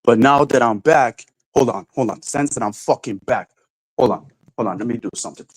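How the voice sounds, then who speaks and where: A man's voice: medium pitch, moderate pace, dry recording, low-quality recording. A man hosting his livestream in casual chat, irritated, swearing constantly and ranting in restarts. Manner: swears constantly, rants and restarts, raises voice when angry. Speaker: livestream host.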